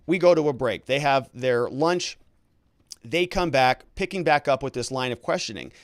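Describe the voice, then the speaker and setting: A man's voice: medium pitch, moderate pace, no echo, studio quality. A man, an attorney host, giving conversational legal commentary and explaining things with filler words.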